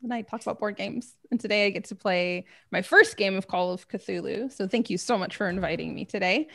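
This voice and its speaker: A woman's voice: medium pitch, a little fast, vocal fry, pushed and bright. A woman player introducing herself and her character, giggly and rambling in casual chat. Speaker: player and streamer.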